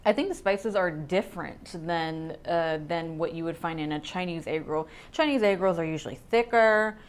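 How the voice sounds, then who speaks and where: Chatty lower-voiced woman guest. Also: moderate pace, smooth. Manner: chatty, enthusiastic about food. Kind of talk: casual chat.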